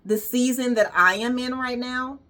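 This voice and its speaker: A woman's voice: fairly high pitch, normal speed, bright, forceful tone. A woman wellness coach giving an emphatic, repetitive motivational monologue with casual swearing.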